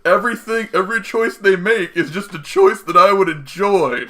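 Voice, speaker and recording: A young man hosting a casual podcast, excitable and profane, drifting into rambling tangents. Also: sits high, moderate pace. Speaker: podcast host.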